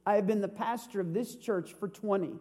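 A man in his fifties preaches with a notably high, bright voice. He keeps it lively, tossing out rhetorical questions and jokes as a pastor addressing his church. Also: a little fast. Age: 50s. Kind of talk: sermon.

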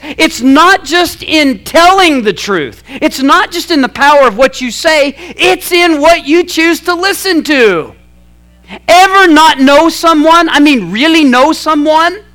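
Brief: male pastor, lively, sweeping pitch, humorous sermon, loud-to-hushed swings. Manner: storytelling, conversational, self-mocking humor.

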